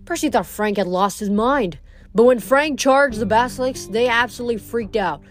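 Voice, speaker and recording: A woman's voice: on the high side, normal speed, faint music behind. A woman reading a novel aloud, with occasional stumbles and self-corrections. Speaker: audiobook reader.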